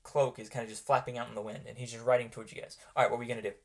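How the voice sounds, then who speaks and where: A man runs a tabletop role-playing game as its game master, describing scenes to his players. He narrates haltingly, with many ums and restarts along the way. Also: mid-range voice, little pitch movement, gravelly, a little hiss or hum.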